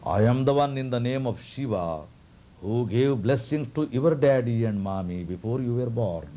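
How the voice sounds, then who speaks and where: A man voicing a hushed majestic child-god. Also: lively intonation, normal speed, slight background noise, lightly acted. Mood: solemn. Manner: low, hushed and solemn. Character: divine cosmic child-god, calm and majestic. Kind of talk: devotional storytelling.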